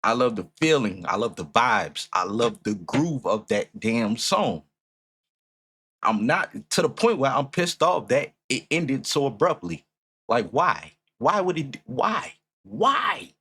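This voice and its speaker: A man streaming a music reaction, talking casually and swearing often, swinging between loud outrage and low muttering. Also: sing-song, slow pace, slightly rough.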